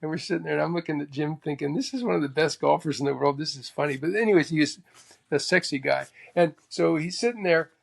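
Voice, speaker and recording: Canadian guy, ex tour pro, raspy fry in his voice, spinning animated stories. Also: on the high side, quick pace. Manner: animated, acts out quotes with sudden exclamations. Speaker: guest, former tour golfer. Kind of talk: casual storytelling.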